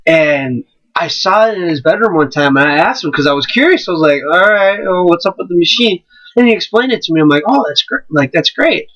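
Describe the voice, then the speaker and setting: A young man co-hosting a casual podcast, telling animated stories and slipping into silly voices. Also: on the high side, fairly quick, lo-fi sound. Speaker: podcast co-host. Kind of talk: casual chat.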